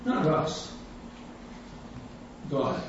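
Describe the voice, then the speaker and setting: A man preaching a sermon, telling a story with animation and acting out the voices of the people in it. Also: extremely slow. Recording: echoey hall, distant mic, dull sound, faint room hum.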